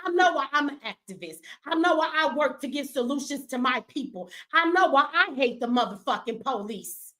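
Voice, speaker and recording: Middle-aged female activist host; fierce, emphatic, cursing, teary; bright, high voice. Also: expressive, normal speed, hardly any pauses. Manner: angry, profane, emphatic. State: crying. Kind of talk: impassioned livestream rant.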